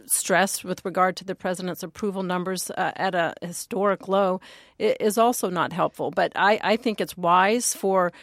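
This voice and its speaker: A woman's voice: lowish voice, fairly even intonation, normal speed, dry recording, studio quality. A woman political commentator on a panel, speaking earnestly with frequent restarts.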